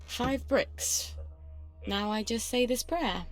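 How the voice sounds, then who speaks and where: Une actrice au anglais qui joue une femme lucide et ironique dans un jeu vidéo. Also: female voice, on the high side, slow pace, soft background music. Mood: wry. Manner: dry, matter-of-fact muttering to herself. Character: wry, resolute woman in a dystopian town. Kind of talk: video game dialogue.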